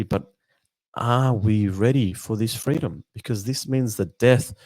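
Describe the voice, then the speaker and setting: A man's voice: fairly low pitch, unhurried, a little mellow, no room sound. A man hosting a reflective spiritual book discussion. He muses in a meandering way, repeats words and says "you know" often, and sometimes reads passages aloud.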